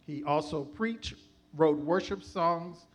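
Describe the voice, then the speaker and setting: A man giving a spoken church testimony, measured and heartfelt, speaking slowly and deliberately. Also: fairly high pitch. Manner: slow, heartfelt, measured delivery.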